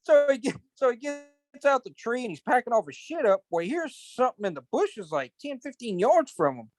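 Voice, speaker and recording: A man's voice: extremely high pitch, sing-song, no echo. A man telling rambling, colloquial hunting stories in casual chat. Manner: rambling, colloquial, drawn-out storytelling with cursing. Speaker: podcast host.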